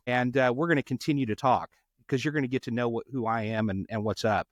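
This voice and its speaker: A man's voice: mid-range voice, expressive, rapid-fire, no echo. A middle-aged man from Los Angeles tells a story as a podcast guest. His voice sits in the middle range, and he acts out quotes with bursts of energy. The close mic sounds dry and intimate. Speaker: homicide detective guest.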